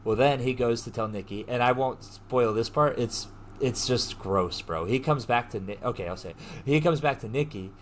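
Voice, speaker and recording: A man hosting a podcast, retelling a story in a casual, animated way, full of slang and swearing. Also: mid-range voice, moderate pace, hardly any pauses, slight background noise. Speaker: podcast host. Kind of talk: casual chat.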